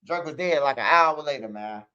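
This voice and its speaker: A man's voice: fairly high pitch, animated, normal speed, sharp tone, clean tone, muffled recording. A young man with a Chicago accent telling street stories in loose, profane casual talk. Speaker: interviewee. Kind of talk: casual storytelling.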